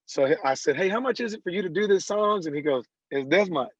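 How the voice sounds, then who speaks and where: A man, a country singer guest on an interview podcast, telling stories lively and acting out the people he quotes. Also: high voice, fast, dry recording. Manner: animated storyteller who acts out quoted dialogue. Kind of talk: casual interview storytelling. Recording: dull lo-fi dry sound.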